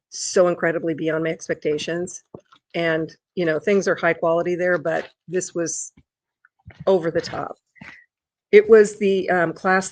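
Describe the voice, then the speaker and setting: Low-voiced woman chatting casually. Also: dry recording. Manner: chatty, rambling, with restarts and high sing-song talk to her dog. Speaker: vlogger. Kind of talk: casual chat.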